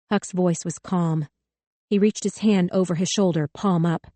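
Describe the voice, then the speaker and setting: A woman narrating a thriller audiobook in a measured, tense way. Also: on the low side, fairly even intonation, mellow, no echo. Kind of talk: scripted narration.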